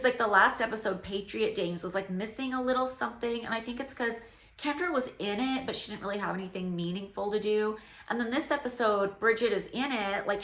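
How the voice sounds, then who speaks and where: A woman's voice: mid-range voice, fairly bright tone. Woman, casual reaction commentary host, chatty storyteller, lots of "like" fillers, mid-range voice, echoey room. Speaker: host reacting to episodes of a reality show. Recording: roomy echo.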